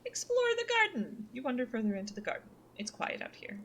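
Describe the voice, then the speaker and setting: With slight background noise behind her, a young woman streams a story game, reading its second-person narration aloud and chatting casually with plenty of ums and uhs. Her fairly high voice is very animated and brisk, with a fairly bright tone.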